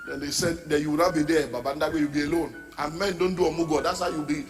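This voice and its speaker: A man's voice: fairly high pitch, fairly even intonation, fast, hardly any pauses, long reverb tail, soft background music. A middle-aged Nigerian man preaching a sermon as pastor, emphatic, dropping into pidgin asides and mimicking the people he talks about.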